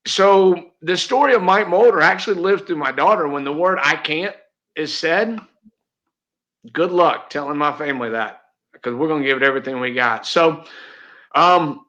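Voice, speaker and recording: Speaking at normal speed with a fairly high, sharp voice, a middle-aged man shares a sincere personal story as an interview guest. He's a real estate agent and restarts often. The audio sounds dull.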